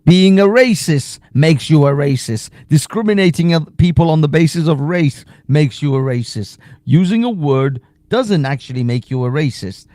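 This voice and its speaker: A man's voice: a little high, animated, moderate pace, hardly any pauses, warm tone, no echo. A man hosting a reaction video, giving blunt, rambling commentary and often laughing. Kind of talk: casual commentary over clips.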